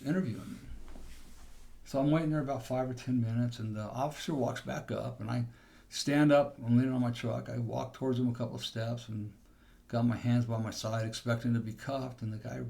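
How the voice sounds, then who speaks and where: A man's voice: mid-range voice, vocal fry, mellow. A man hosting a podcast, telling a personal testimony in a rambling storytelling way with restarts. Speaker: podcast host.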